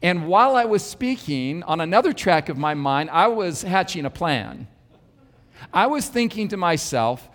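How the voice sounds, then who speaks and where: A man's voice: high-pitched, sing-song, normal speed, fairly bright tone. A man preaching, telling a personal story with an earnest, wry and self-deprecating manner. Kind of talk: sermon storytelling. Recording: long hall reverb.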